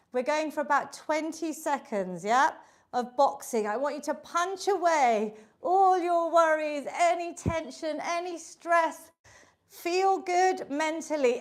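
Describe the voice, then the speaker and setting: High-voiced upbeat woman fitness instructor. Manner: upbeat, encouraging, counts reps aloud. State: slightly out of breath. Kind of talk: live online workout class.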